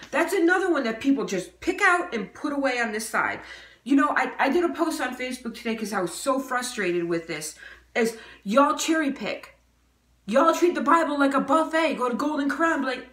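A woman's voice: sits high, animated, moderate pace, pushed and bright, reverberant. A woman preaching a fervent video sermon, emphatic and full of pointed rhetorical questions.

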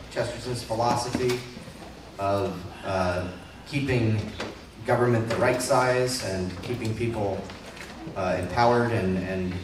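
Lowish guy introducing the next speaker, lots of uhs, far away in an echoey noisy hall. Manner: halting, with many "uh"s. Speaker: conference host introducing the speaker. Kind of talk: introduction speech. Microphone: distant mic. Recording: echoey hall, far-off mic, background noise.

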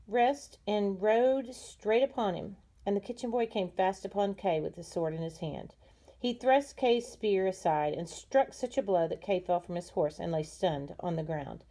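A woman reading a storybook aloud to students, unhurried and gentle, with small slips. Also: mid-range voice.

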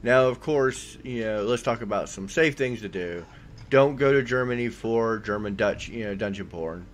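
A man's voice: fairly low pitch, normal speed. A man co-hosting a podcast in casual, jokey chat, often acting out quoted voices. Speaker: podcast co-host.

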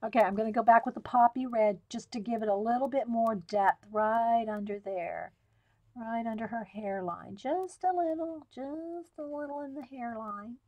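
A woman's voice: fairly high pitch, normal speed, lo-fi sound. Chatty woman demonstrating coloring live. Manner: chatty, giggles often, greets viewers by name. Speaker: coloring tutorial livestream host.

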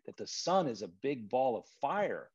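A man voicing a gentle, patient mother in a story, recorded with a dull lo-fi sound. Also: medium pitch, very animated, moderate pace, slightly rough. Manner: gentle, placating. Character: patient mother talking to her son.

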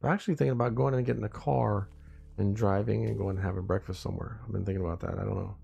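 A man's voice: fairly low pitch, steady tone, rapid-fire, vocal fry, warm tone, dull audio. A man hosting a casual morning live stream, tired and groggy after little sleep, rambling along and greeting his viewers by name.

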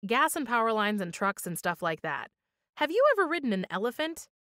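A woman's voice: on the high side, a little fast, dry recording, clean studio sound. A woman voicing a bold, curious young girl who chatters eagerly in a storybook reading. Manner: eager, excitable.

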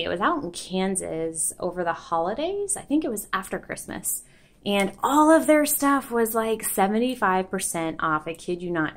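A young woman chatting casually on her vlog, bubbly and gushing, with a voice that jumps around in pitch and lots of giggles. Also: fairly bright tone. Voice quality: voice shifts in pitch a lot. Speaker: vlogger. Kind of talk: casual unboxing chat.

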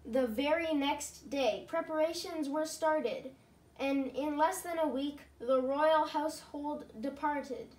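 A woman reading a children's picture book aloud, slowly and carefully, with small slips. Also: sits high, darkish tone, distant mic. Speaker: storybook reader. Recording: roomy, from away from the mic.

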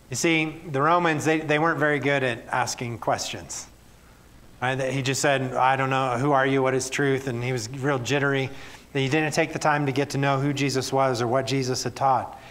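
A man's voice: medium pitch, normal speed, a bit bright. A male pastor reading scripture aloud and preaching earnestly to his church. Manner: reads scripture then speaks plainly and earnestly to the congregation. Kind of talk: sermon.

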